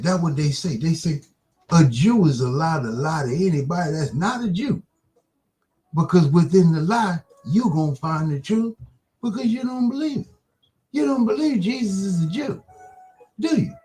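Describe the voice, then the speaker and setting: High, lively man preaching with taunting questions. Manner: preachy, rapid-fire rhetorical questions, taunting the listener. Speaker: host of an online broadcast. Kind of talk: impassioned religious monologue.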